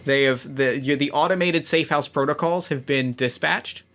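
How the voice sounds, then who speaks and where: Bright-voiced male game master. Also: a little high, normal speed. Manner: loose, hesitant scene-setting with many fillers. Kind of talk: running a tabletop game.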